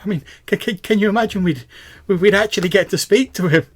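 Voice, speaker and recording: A man voicing an excitable teenage girl superfan at a nightclub, stammering and apologetic, her words tumbling over each other. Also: sits high, fast, voice pushed up. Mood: starstruck. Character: excitable young woman superfan, teenage clubber.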